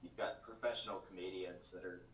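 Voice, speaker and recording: A man chatting casually as a podcast guest, relaxed and swearing freely. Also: low-pitched, fairly quick, far from the mic. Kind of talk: casual chat. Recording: echoey room, set back from mic, faint noise.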